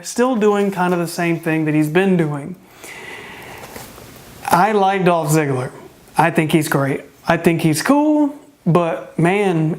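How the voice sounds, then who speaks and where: A sarcastic reviewer talks through a wrestling event in a loose, casual way, firing off rhetorical questions and exasperated outbursts. The voice is starting to go hoarse from talking so long. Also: mid-range voice, a little mellow. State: starting to lose voice.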